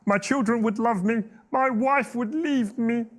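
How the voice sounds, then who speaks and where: Kermit, the high chirpy frog. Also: male voice, a little slow. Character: cheerful male frog puppet.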